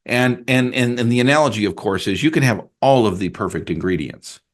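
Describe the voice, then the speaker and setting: A middle-aged man hosting a podcast, telling a story with animated delivery, stumbling over repeated words and laughing at his own analogy. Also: medium pitch, fairly quick. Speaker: podcast host and appraiser coach. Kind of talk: solo podcast monologue with sponsor reads.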